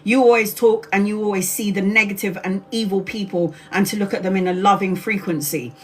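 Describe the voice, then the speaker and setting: A woman's voice: mid-range voice, fairly even intonation, a little fast. A woman in her forties from Brazil, a tarot reader talking bluntly and chattily on a live stream, swearing casually and acting out quotes. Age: 40s.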